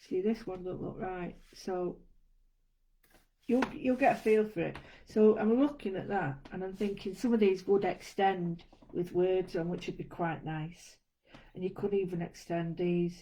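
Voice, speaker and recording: A woman giving a casual drawing tutorial, chatting through each step as she works and often trailing off softly. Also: on the low side, steady tone, a little slow, low-quality recording. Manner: chatty, narrates her own steps as she draws. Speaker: art tutor.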